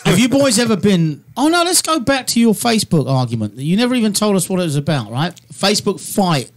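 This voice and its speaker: Brief: male station boss, lightly raised pitch, lively ribbing banter. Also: a little fast. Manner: ribbing, mock-stern. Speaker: radio station runner. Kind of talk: casual teasing banter.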